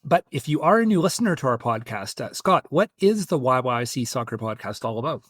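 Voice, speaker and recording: A man hosting a casual sports podcast, talking in a relaxed, hesitant way with fillers and restarts. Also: medium pitch, fairly quick, dry recording, clean studio sound. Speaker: podcast host.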